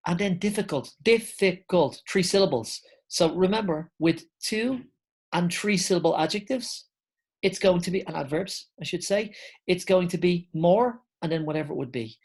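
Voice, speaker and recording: A woman's voice: lowish voice, moderate pace, husky. A woman teaching an online English grammar lesson, explaining step by step and calling her viewers guys.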